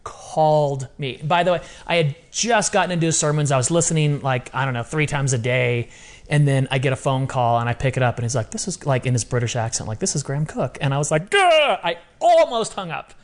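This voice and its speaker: A podcast guest in a relaxed interview, this man speaks with animation and repeats phrases to stress them. His pitch is medium and he talks quickly.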